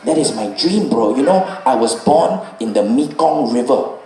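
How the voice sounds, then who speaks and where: A man's voice: mid-range voice, expressive, moderate pace, darkish tone, echoey room, recorded from a distance, natural voice, low-quality recording. A man voicing a cheerful, chatty Vietnamese bike-taxi rider with sunny, eager exclamations.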